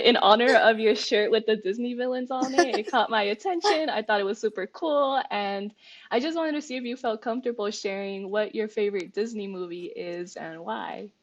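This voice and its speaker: A woman's voice: mid-range voice, muffled recording. A woman hosting an interview podcast, emotional and encouraging, laughing often as she talks with her guests. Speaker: podcast host.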